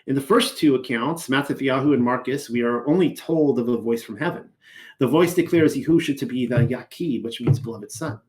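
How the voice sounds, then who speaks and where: Wry man giving scripture commentary. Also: mid-range voice. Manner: wry, dryly humorous asides; measured reading voice, slows for quoted scripture. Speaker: teacher reading and commenting on scripture.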